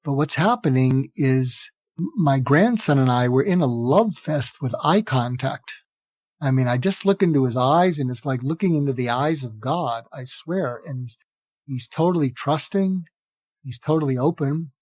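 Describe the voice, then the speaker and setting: A man's voice: medium pitch, lively intonation, moderate pace, a little mellow, no room sound. An older man, a psychiatrist, giving advice in an earnest conversational way, often restarting his phrases and acting out sample dialogue. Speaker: psychiatrist guest. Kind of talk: conversational podcast interview.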